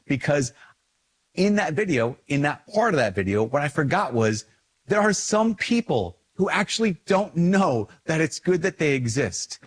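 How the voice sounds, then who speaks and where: A man, a priest, talking casually in a video, animated and self-mocking, rambling with fillers. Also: medium pitch, moderate pace, breathy edge. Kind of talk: casual video talk to camera.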